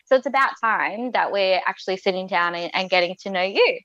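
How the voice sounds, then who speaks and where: A woman interviewing a guest on a radio show, talking fast and gushing with praise. The recording is dry and dull, with little room sound. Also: medium pitch, pushed and bright, dry recording. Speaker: co-host, interviewer. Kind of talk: casual interview chat.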